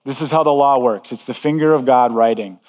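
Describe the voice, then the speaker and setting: A man's voice: mid-range voice, fairly quick, darkish tone, long reverb tail. A man preaching a sermon as pastor, earnest and emphatic, repeating key phrases.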